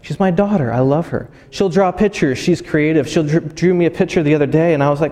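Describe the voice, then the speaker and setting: A man's voice: a little high, quick pace, hardly any pauses, mellow. A man in his thirties giving a sermon, earnest and personal, often restarting his phrases. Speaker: pastor. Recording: hall with long reverb.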